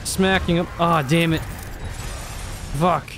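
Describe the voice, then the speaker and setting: A man's voice: a little high, steady tone, slow, a bit bright, a little hiss or hum. A young man commenting on his own gameplay, exasperated and cursing often as he talks to himself. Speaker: gamer.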